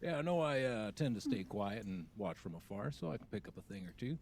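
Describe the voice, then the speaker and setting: A man playing a tabletop game who talks in a hesitant, halting way. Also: lowish voice, big pitch swings, darkish tone, slight background noise. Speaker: player.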